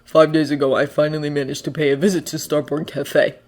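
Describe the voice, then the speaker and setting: A fanfiction reader voicing a grave male vigilante who speaks low and quietly. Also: little pitch movement, a little fast, natural voice. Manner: low, subdued, muttering. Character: grim male vigilante bearing bad news.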